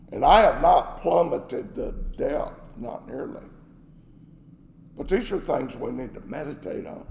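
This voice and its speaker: Gravelly preacher in an echoey hall. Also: male voice, fairly high pitch, a little mellow. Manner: emphatic, repeats phrases for stress. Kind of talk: sermon. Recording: echoey hall with long reverb.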